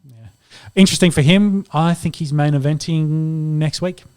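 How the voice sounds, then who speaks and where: An Australian man co-hosting a sports podcast, talking in a relaxed, somewhat hesitant way. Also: on the high side, normal speed. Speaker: podcast co-host. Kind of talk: casual chat.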